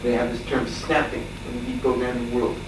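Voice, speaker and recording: Briskly, a male monk tells a long anecdote to his scripture class in a farmstead lecture room. His voice is of average pitch, and his delivery is relaxed and conversational with plenty of chuckles and hesitant fillers. The recording is distant and echoey, with a faint hiss.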